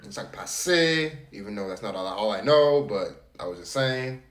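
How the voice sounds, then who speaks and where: A young man from Florida hosting a casual chat, telling stories in an animated way and quoting people in exaggerated voices. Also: on the low side, a little fast, reverberant. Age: young adult. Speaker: channel host.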